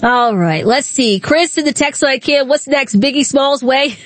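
A woman's voice: sits high, expressive, a little slow. A woman hosting a radio talk show, taking calls and giving her opinions in a conversational way. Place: radio studio.

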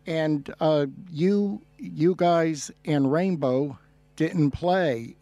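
A man's voice: on the high side, very slow, warm tone, no echo. A man hosting a casual radio interview, reminiscing in a rambling way with many restarts. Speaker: radio host.

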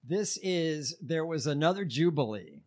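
A man's voice: a little high, lively intonation, unhurried, darkish tone. A man co-hosting a podcast, introducing clips in casual chat with many hesitations. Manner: hesitant, full of fillers. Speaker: podcast co-host.

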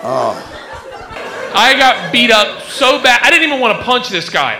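A man doing a stand-up comedy routine, acting out characters and shouting punchlines. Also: extremely high pitch, moderate pace, faint music behind. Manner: animated, switches to acted-out voices and shouted punchlines. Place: live comedy stage before a large audience. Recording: live show with loud crowd laughter and noise. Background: loud audience laughter.

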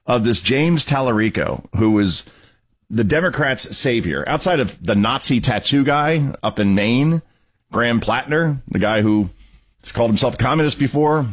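Husky sarcastic male talk radio host. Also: medium pitch. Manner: mocking, sarcastic, emphatic. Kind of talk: political talk radio commentary.

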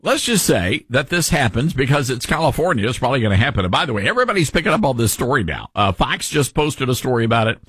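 A man's voice: medium pitch, sing-song, fast, hardly any pauses, a bit bright, husky, dry recording, studio quality. A middle-aged man from Tennessee with a mild Southern accent, hosting talk radio with folksy, opinionated commentary. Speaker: radio talk show host.

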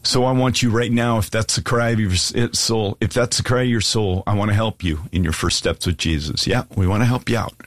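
A man's voice: on the low side, a little fast, few pauses, no room sound. A man preaching an earnest, pleading sermon and asking listeners to give their lives to Jesus. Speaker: pastor. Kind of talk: sermon altar call.

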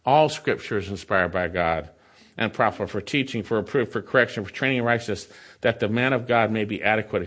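A male pastor preaching an expository sermon, reading scripture aloud and breaking in with lively rhetorical questions. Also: on the high side.

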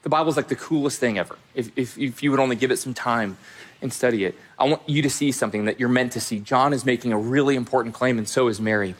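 A man's voice: medium pitch, fast. A man pastor preaching a sermon with emphatic direct address and repeated phrases.

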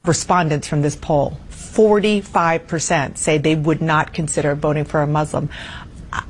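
A woman anchoring a TV news discussion, speaking earnestly with hesitant pauses. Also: low voice, steady tone, slight background noise.

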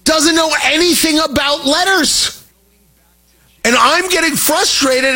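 A middle-aged man hosting a talk radio show, animated and jokey, wandering off on tangents. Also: extremely high pitch, slow pace. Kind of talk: opinionated talk radio monologue.

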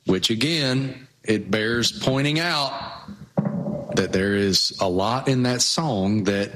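A man with a Southwest Virginia accent, co-hosting a casual chat and telling stories in a folksy, drawn-out way. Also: on the low side, background noise. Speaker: co-host.

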